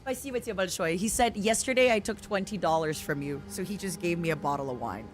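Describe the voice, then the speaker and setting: A woman streamer chatting casually while she plays, excitable and giggly, breaking into squeals. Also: lowish voice, fast, faint music behind. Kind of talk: casual live-stream chat while gaming.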